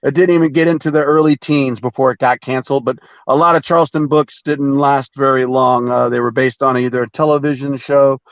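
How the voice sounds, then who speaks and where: Man, guest, casual comics chat, halting, filler-heavy, chuckling, lo-fi video call audio, dead dry sound. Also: medium pitch, steady tone, no echo.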